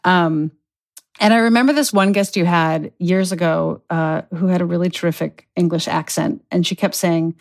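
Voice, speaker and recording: A woman in her thirties, a schoolteacher, chatting as a guest on a podcast in an animated, giggly way with many fillers. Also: fairly low pitch, moderate pace. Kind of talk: casual podcast conversation.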